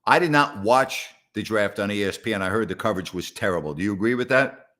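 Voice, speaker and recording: A man's voice: fairly low pitch, expressive, quick pace, pushed and bright. A middle-aged man hosting a live sports talk show from a house, rambling and sarcastic, exasperated as he talks back to his audience. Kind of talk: live call-in show chat. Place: house, indoors.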